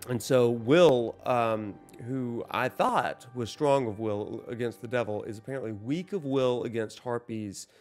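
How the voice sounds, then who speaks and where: A gaming vlogger with a mid-range voice gives a casual recap of his game session, animated and self-deprecating as he acts out the dialogue. He speaks unhurriedly with hardly any pauses over soft background music.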